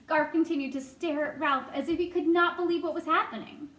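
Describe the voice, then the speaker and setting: High-voiced woman reading a story aloud. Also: a little fast, hardly any pauses. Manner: expressive with chatty asides. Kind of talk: reading a children's novel aloud. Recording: echoey room, faint noise.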